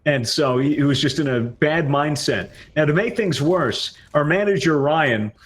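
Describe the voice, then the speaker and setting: A man's voice: fairly high pitch, normal speed. A young man telling a story in a casual chat with friends, laughing often as he talks. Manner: laughs often while talking. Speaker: gaming podcaster.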